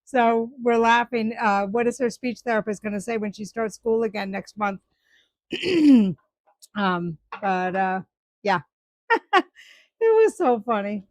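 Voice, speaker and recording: A woman's voice: on the high side, animated, takes it slowly, no echo. An older woman vlogger chatting casually to her viewers, laughing often as she tells a story. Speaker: woodturning vlogger. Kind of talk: casual chat to camera.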